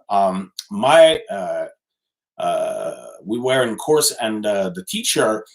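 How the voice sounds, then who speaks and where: Halting man answering chat in non-native English. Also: lowish voice. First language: not English. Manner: halting, many restarts and fillers. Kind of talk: casual livestream chat reply.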